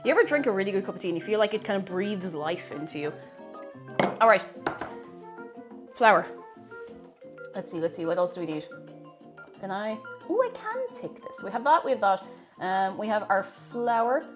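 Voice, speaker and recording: A woman's voice: mid-range voice, animated, normal speed, pauses often, over music. A woman streaming herself baking, chatting casually and greeting viewers by name. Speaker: baking livestreamer. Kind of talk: casual chat while baking.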